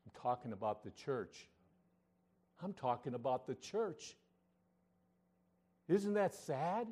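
Preaching man, swinging loud and soft. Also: mid-range voice, sing-song, takes it slowly, slightly rough. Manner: preaching with swings between loud emphasis and quiet intimacy; reads scripture in King James wording. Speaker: pastor. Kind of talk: sermon.

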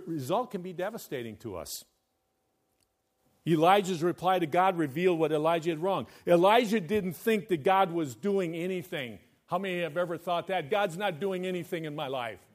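With a fairly high-pitched voice, a male pastor gives a sermon that is full of emphasis. He switches between declaring things loudly and dropping into soft, intimate asides.

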